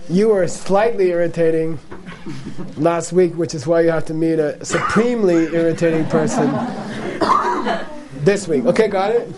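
A man's voice: a little high, normal speed, background noise. A man teaching Buddhist ideas to a live audience in a playful, repetitive way, acting out little dialogues and laughing as he goes.

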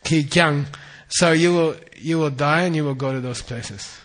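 A middle-aged man teaching Buddhist tradition, explaining terms slowly and often checking in with "okay?". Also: a little high, a bit bright. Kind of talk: dharma teaching.

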